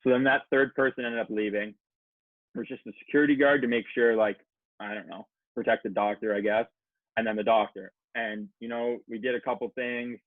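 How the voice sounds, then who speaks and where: A man's voice: mid-range voice, steady tone, a little fast. A man rambling through a wild anecdote, swearing freely and acting out both sides of each exchange. His voice comes through thin and phone-like, with a close, dry sound and no room echo. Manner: profane, rambling anecdote with acted-out quotes. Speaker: podcast guest. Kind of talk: casual storytelling chat.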